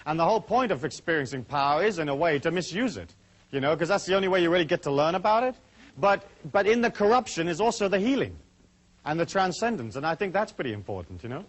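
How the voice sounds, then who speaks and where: Fast-talking man leading a seminar. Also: a little high, big pitch swings. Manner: brisk, chatty, full of asides. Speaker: seminar speaker. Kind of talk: talk to a live audience.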